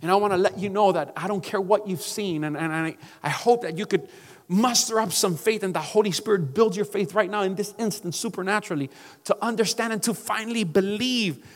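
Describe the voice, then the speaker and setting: A man's voice: sits high, a little fast, big-room sound. A male pastor preaching a sermon emphatically, calling out to his congregation.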